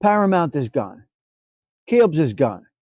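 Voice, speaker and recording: A man's voice: a little high, big pitch swings, measured pace, a little mellow, no room sound. A middle-aged man hosting a casual live stream, bantering loosely and profanely with viewers in the chat.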